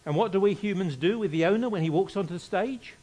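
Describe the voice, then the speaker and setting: A man's voice: high-pitched, fast talker, a little mellow. A man preaching a sermon, reading scripture aloud and repeating key phrases for emphasis.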